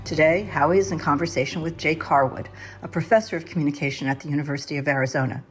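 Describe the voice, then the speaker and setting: A woman hosting a podcast, reading a scripted introduction in a formal, even-paced way. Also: low-pitched, fast talker, slightly rough, soft background music. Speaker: podcast host.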